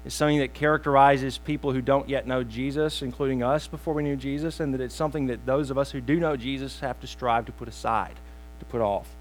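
A man's voice: mid-range voice, steady tone, low-quality recording. Man preaching a sermon over hum. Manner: storytelling with pauses, self-deprecating asides. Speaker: pastor.

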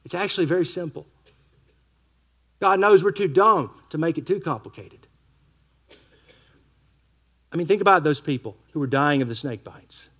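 A middle-aged man preaching a sermon in a lively way, acting out what the people in his stories say. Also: fairly high pitch, normal speed, pauses often, husky. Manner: animated preaching that acts out quoted voices.

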